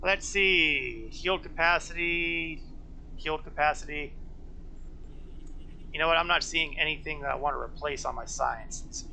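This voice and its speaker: A man's voice: a little high, measured pace, vocal fry, pushed and bright, a little hiss or hum, low-quality recording. A man casually commenting while playing a game on a live stream, chatty and self-mocking as he thinks aloud.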